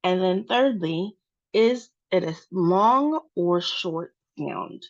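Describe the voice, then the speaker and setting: A woman with an American accent teaches English pronunciation at a slow, unhurried pace, her voice sitting a little low. She draws each example word out carefully. The audio is a bit dull and lo-fi. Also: expressive. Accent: General American. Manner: patient, over-articulates example words.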